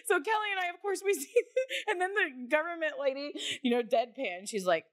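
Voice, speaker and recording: A woman co-hosting a podcast, telling a story in a loose, animated way, laughing often and swearing casually. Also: sits high, fairly quick. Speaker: podcast co-host.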